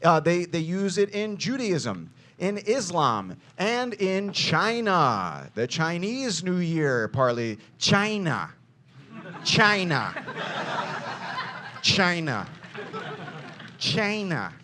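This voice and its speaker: A man giving a jokey, energetic history talk to a group as a tour guide, teasing the listeners and calling them "you guys" and "baby.". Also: high-pitched, slow pace, hardly any pauses.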